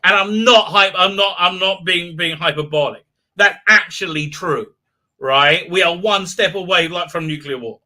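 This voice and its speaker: A man's voice: high voice, normal speed, pushed and bright. A man hosting a live-stream review, rambling and sarcastic, with many stalls and restarts. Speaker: host and reviewer.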